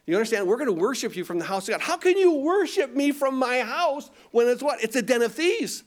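A man's voice: extremely high pitch, sing-song, brisk. A man preaching a sermon, reading scripture aloud and explaining it, often asking his listeners rhetorical questions and repeating words as he goes. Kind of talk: expository sermon.

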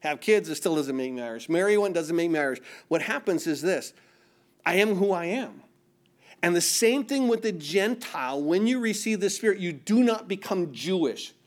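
High-voiced preaching man, emphatic. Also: lively intonation, moderate pace. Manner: call-and-response questions, emphatic. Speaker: pastor. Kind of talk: sermon.

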